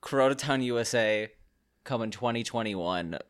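A man co-hosting a podcast, joking and quick to laugh in casual banter over a call. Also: medium pitch, fairly bright tone. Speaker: podcast co-host. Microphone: remote call.

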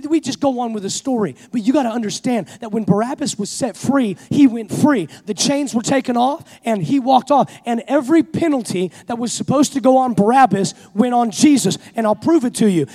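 A pastor preaching a sermon, telling a self-mocking story before building to fervent preaching. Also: male voice, very high voice, moderate pace, few pauses, mellow, long reverb tail.

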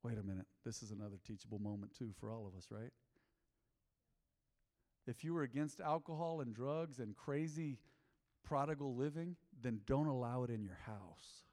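A man preaching as a pastor in a church, emphatic, swinging between loud bursts and quiet asides, calling on the congregation to answer back. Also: normal speed. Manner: emphatic, big swings in pitch and loudness; calls for congregation responses. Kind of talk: sermon. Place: urban church. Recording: long hall reverb in a church.

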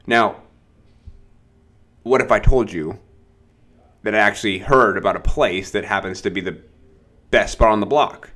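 Young guy with a lowish voice, chatty sales podcast host, loose and conversational. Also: fairly quick, a bit bright. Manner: loose, conversational, acts out short client dialogues. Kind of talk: casual instructional podcast.

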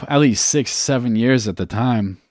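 A young man from New Hampshire, a guest telling a candid personal story in a casual, profane way, halting with fillers. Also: mid-range voice, a little mellow, no room sound, clean studio sound.

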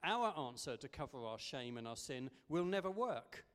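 A man's voice: mid-range voice, sing-song, normal speed, a bit bright. A man preaching a sermon in a conversational way, with frequent ums and restarts. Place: church service. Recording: echoey church hall.

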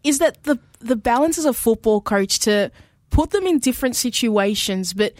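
A woman's voice: a little high, lively intonation, normal speed, darkish tone, no room sound. A woman hosting a community radio show, asking long, encouraging questions in a casual interview. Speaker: radio host.

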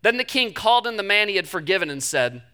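A young man preaching a sermon, telling the story with animated delivery and acting out the quoted voices. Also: sits high, quick pace, clean tone. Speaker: pastor.

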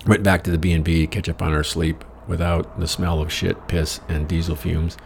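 A man's voice: deep voice, level tone, normal speed, creaky, a little hiss or hum. An American man telling a rambling travel story in a wry, profane, self-mocking way. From United States. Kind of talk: casual personal storytelling.

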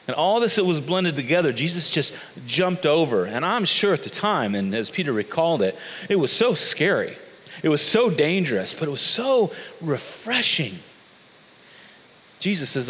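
Male pastor, sermon, animated delivery, slightly high voice, echoing church hall. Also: moderate pace, a little hiss or hum. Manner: animated, acts out quoted voices with big pitch swings. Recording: long hall reverb.

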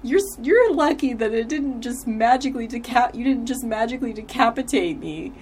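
A woman briefly voicing a flustered, fussy nerdy young man in a raised squeaky voice. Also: lively intonation, fairly quick, a little mellow, slight background noise, natural voice.

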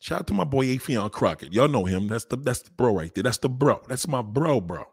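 With a medium-pitched voice carrying vocal fry and a breathy edge, this New York City man talks a little fast. He's animated and swearing through a casual monologue, mimicking others, on a dry, clean studio recording.

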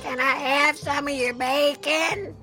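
A man voicing a little boy trapped inside a worm, hollering for help in a weak, high voice. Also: fairly even intonation, slow, over music. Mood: pleading.

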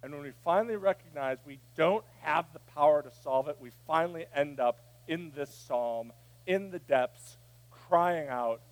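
High-voiced preaching man. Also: normal speed. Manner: preaching, swinging from hushed to shouting. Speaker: pastor. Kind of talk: sermon.

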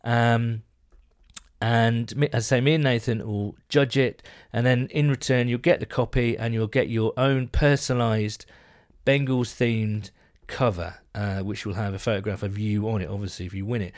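A man's voice: mid-range voice, steady tone, moderate pace, darkish tone. A man co-hosting a podcast, chatting and joking in casual banter. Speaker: podcast co-host.

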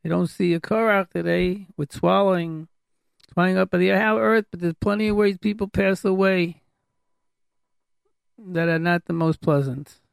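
Man preacher, high-pitched and very gravelly, urging and repeating himself. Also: moderate pace, no room sound, clean studio sound. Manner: emphatic, repetitive, exhorting. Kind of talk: sermon.

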